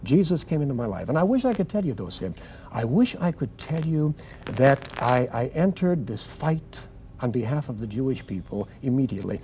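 Older male guest, fervent preacher's delivery, mellow dark tone. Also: mid-range voice, very animated, moderate pace, a little hiss or hum. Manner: fervent preacher's delivery, swings loud and soft. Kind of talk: testimony in a TV interview.

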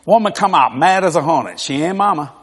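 A man in his sixties preaches in a high, lively voice that swoops all over as he tells folksy, funny stories and chuckles along. The sermon rings through a large hall with a long reverb tail. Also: brisk, slightly rough. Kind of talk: humorous storytelling sermon.

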